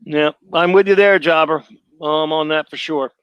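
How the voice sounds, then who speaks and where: Brief: male stream host, high voice, rambling sarcastic commentary. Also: steady tone, normal speed, clear, resonant tone, no room sound, muffled recording. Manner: sarcastic, rambling, self-mocking. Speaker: host reading his own film review. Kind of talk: live stream commentary reading.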